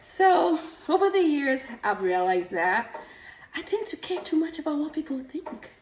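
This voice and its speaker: A middle-aged woman, a nurse practitioner and coach, telling stories in a casual vlog, animated and a little out of breath from pedaling an exercise bike. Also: sits high, a little slow, slight background noise. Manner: animated storytelling, acts out quoted voices. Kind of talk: casual talking-head vlog. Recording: echoey room, mic at a distance.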